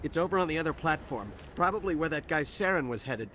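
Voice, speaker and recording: Brief: jittery dock worker, a little high-voiced, stammers, defensive, game audio with steady noise underneath. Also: male voice, fast talker. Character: nervous, shaken male dock worker, adult. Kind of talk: video game voice acting.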